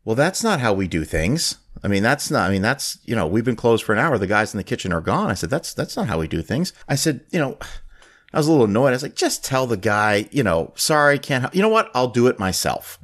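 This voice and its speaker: A man hosting a podcast, telling a long anecdote in a casual, animated way, jumping up in pitch when he quotes people. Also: fast. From United States. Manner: animated storyteller who raises his pitch for quoted people. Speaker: podcast host. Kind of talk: casual storytelling chat.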